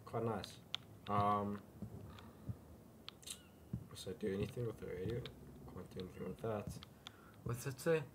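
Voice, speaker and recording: A man's voice: lowish voice, a little slow, pauses often, background noise. A man casually commenting while playing a game, mumbling jokey asides to himself. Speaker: gaming video host. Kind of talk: casual let's-play commentary.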